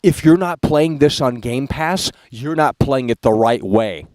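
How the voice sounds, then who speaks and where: A man's voice: mid-range voice, expressive, unhurried, darkish tone, no echo, low-quality recording. A man ranting in a video about games, scolding his viewers in a preachy, repetitive way. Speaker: gaming commentator. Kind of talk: ranting vlog commentary.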